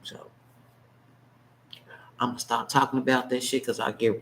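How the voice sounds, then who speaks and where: A man in his fifties delivering an unscripted, emotional monologue as a vlogger, blunt and impassioned, swinging between heated outbursts and hushed, choked-up asides. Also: medium pitch, flat delivery, unhurried, gravelly, long pauses, slight background noise, low-quality recording. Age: 50s.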